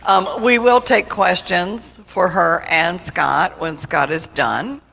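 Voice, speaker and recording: A woman's voice: on the low side, slow, gravelly, fairly bright tone. A woman hosting a convention session, easygoing, introducing the next speaker into a handheld microphone in a convention hall. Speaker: host of the event.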